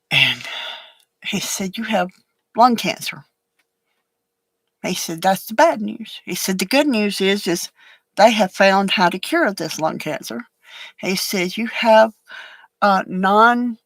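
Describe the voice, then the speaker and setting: Slow woman telling a story. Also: medium pitch, a bit bright, no room sound, low-quality recording. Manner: slow, rambling, halting with many fillers. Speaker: crafter sharing a personal story. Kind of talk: casual storytelling while crafting.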